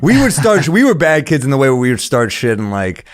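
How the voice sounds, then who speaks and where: A middle-aged man trades jokes on a casual podcast. He throws in quick wisecracks and laughs readily between lines. His voice sits at an everyday middle pitch. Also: huge pitch swings. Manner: riffing, quick joking asides, laughs often. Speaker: podcast co-host and comedian.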